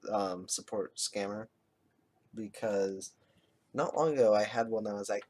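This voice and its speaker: A man's voice: lowish voice, unhurried, darkish tone. A man telling a rambling, joking story to camera, crude and full of swearing. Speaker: vlogger.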